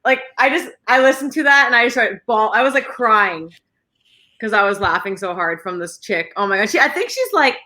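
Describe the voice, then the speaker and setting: A woman co-hosting a podcast in casual chat, excitable and swearing freely, often laughing as she talks. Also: on the high side, normal speed. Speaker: podcast co-host.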